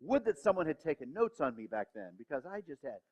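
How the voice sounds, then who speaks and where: A man's voice: a little high, very animated, fairly quick, a little mellow. A male pastor giving a sermon in a church, self-deprecating and acting out the voices in his head. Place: church sanctuary. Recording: reverberant hall, dull lo-fi sound.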